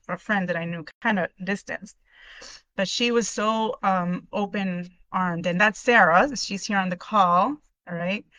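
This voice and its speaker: A middle-aged woman speaks earnestly and emotionally, often restarting her sentences as she shares her personal testimony in a live online workshop. Her voice is bright, and the recording is dry and close, picked up by a computer mic at home. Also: mid-range voice, dry recording. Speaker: podcast host sharing her testimony.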